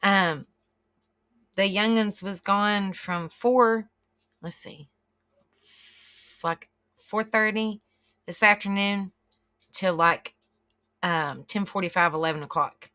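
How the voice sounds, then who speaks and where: A middle-aged woman hosts a live stream, chatting loosely with viewers and rambling as she reacts to what she reads in the chat. She speaks slowly at a medium pitch, pausing often, with a sharp tone.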